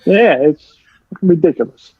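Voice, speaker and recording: A man co-hosting a casual wrestling chat, excitable and swearing as he retells scenes. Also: high voice, moderate pace, husky, no echo, narrow, tinny audio. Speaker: co-host.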